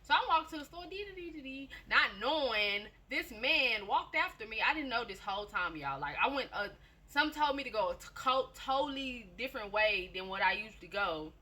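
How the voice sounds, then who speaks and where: Animated and a little fast, a woman with a fairly high pitch and sharp tone gives a casual personal testimony. She tells it chattily, repeating phrases and frequently addressing her listeners directly.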